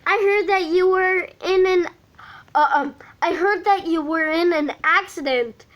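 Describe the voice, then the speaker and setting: A woman's voice: sits high, voice pushed up, heavily acted. A woman voicing a cagey young man who hesitates and fills his speech with ums. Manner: hesitant, filler-heavy speech.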